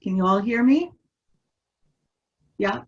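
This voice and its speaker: A woman's voice: medium pitch, animated, slow pace, dull audio. A woman teaching a webinar in a conversational way, asking the group questions. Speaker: webinar presenter.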